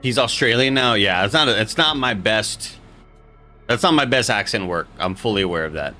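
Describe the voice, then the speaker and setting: A young man rambling to his stream chat, joking and cursing casually as he goes. His voice sits low but sounds bright and forceful. He talks loosely, trailing off and restarting often. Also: animated, moderate pace, soft background music. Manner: rambling, joking, swears freely.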